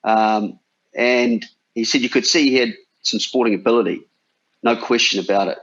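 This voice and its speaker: A man's voice: mid-range voice, steady tone, moderate pace, a bit bright. A man in his forties from New Zealand, a former cricketer chatting casually as a podcast guest with lots of restarts. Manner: chatty, bantering, many restarts. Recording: dull lo-fi sound.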